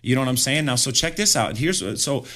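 A middle-aged man telling a story as a podcast guest in casual chat, animated and full of fillers, laughing often. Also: mid-range voice, a little fast. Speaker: podcast guest, graffiti artist.

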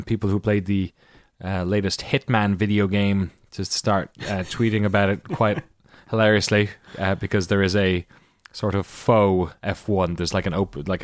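Deep-voiced and recorded with no room sound, a man co-hosting a laid-back podcast talks hesitantly, stuffs his speech with fillers, and adds dry, sarcastic asides.

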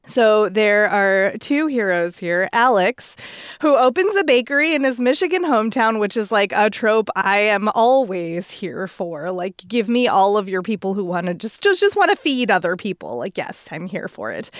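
A woman's voice: medium pitch, smooth, dry recording, clean studio sound. A woman co-hosting a book podcast, reading listener questions and gushing casually about recommendations. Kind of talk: casual chat.

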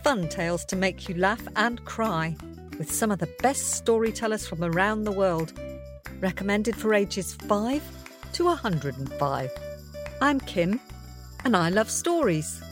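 A woman's voice: medium pitch, expressive, a little slow. Female host for a kids' story program, friendly scripted read, music behind. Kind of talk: scripted show introduction.

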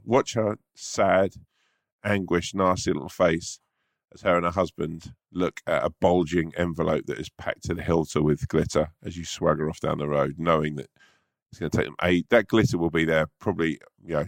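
Deep gravelly man joking around. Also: no room sound. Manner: vivid, mock-vindictive joking. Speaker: podcast co-host. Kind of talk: casual podcast chat.

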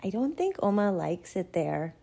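A woman voicing an eager, hopeful little girl in a storybook reading, pitched high. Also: big pitch swings, normal speed, vocal fry. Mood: earnest. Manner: high, bright and pleading.

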